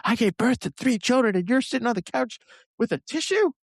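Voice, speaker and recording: A man imitating his exasperated partner, a mother of three, in a high scolding voice. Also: animated, a little fast, creaky, slightly rough, no room sound, studio quality, exaggerated voice.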